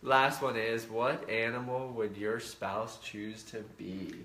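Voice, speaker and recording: A man's voice: mid-range voice, steady tone, slow pace, a bit bright, roomy sound. A middle-aged man co-hosting a show, bantering with his wife in a joking, boastful way. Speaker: podcast co-host. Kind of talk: casual chat with spouse.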